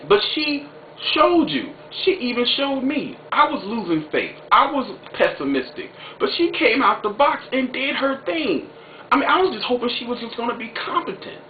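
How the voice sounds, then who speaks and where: Man vlogger, excitable and emphatic, slangy talk; lo-fi phone-like sound, faint hiss. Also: very high voice, normal speed. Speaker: video blogger. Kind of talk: opinionated political vlog commentary. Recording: tinny echoey home recording with faint noise.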